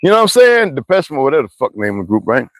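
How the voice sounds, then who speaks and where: A man telling rambling, profane stories in a casual monologue, full of asides and sudden swings from low mutters to high exclamations. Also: big pitch swings, rapid-fire, slight background noise. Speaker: channel host.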